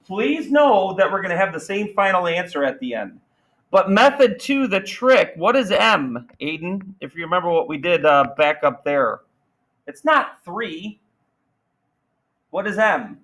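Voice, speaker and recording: A man teaching a math class, energetic and playful, firing questions at students. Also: high voice, unhurried, poor audio. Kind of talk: classroom lesson.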